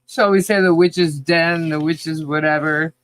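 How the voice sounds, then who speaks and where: A woman's voice: low voice, fairly even intonation, a little slow, slight background noise. A woman co-hosting a podcast livestream, chatting casually, laughing often and greeting viewers by name. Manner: laughs often, loose and joking; reads out viewer names one by one. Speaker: podcast co-host.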